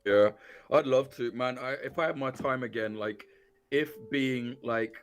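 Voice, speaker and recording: A man's voice: medium pitch, a little slow, faint music behind. A man guesting on a stream as a war journalist, laid-back and casual, swearing and saying "man" a lot. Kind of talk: casual chat.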